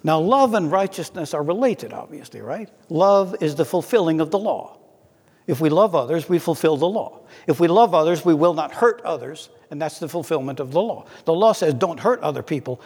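A man's voice: fairly high pitch, lively intonation, darkish tone, breathy edge. Preacher man in a reverberant hall. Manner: earnest, slows down to read scripture aloud. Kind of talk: sermon.

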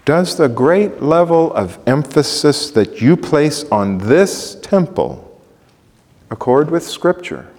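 A man's voice: on the high side, big pitch swings, slow, darkish tone, in a large hall. A man preaching a sermon, emphatic and building in intensity through repetition. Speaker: pastor.

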